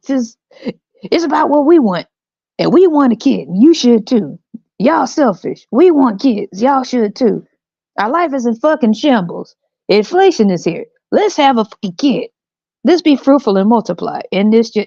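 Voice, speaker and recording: Play a loud, bitter broke parent, as a woman puts her on. Push the voice high, swing the pitch wildly, and keep it brash, mocking and profane. Keep the sound dull and lo-fi. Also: animated, moderate pace, vocal fry, no room sound. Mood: taunting.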